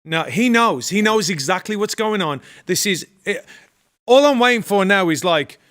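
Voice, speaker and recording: A British man co-hosting a political commentary show, speaking emphatically as he rallies his audience. His voice sits notably high for a man. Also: animated, moderate pace, fairly bright tone. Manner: emphatic, rallying. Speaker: co-host.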